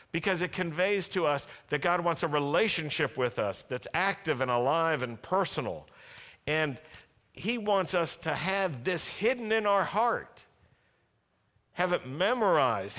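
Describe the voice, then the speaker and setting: A man's voice: fairly high pitch, a bit bright. A man preaching a sermon as pastor, asking the congregation to answer him. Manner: preaching, asks the congregation to respond. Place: large worship hall. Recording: long hall reverb.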